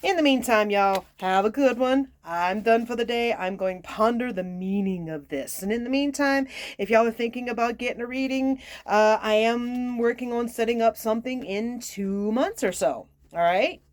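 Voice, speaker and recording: A woman's voice: on the high side, normal speed, no echo. A woman giving a casual tarot reading, reading card meanings aloud between chatty, self-mocking asides. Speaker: tarot reader.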